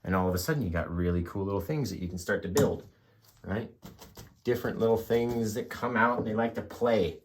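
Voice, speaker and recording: A man's voice: lowish voice, a little fast, slight background noise. A man hosting a live painting tutorial, chatting and encouraging viewers as he works. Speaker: painting instructor.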